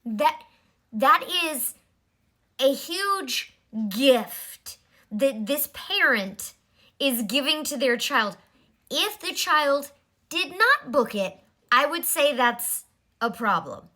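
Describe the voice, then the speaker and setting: A woman's voice: high voice, very animated, slow pace, pushed and bright. A woman in her forties giving a blunt, exasperated commentary in a vlog. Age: 40s. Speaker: vlogger.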